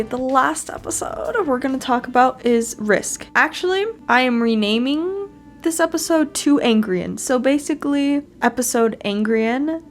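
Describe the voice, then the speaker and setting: A woman hosting a casual fan commentary video, chatty and giggly, laughing often as she talks. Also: high voice. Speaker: fan channel host.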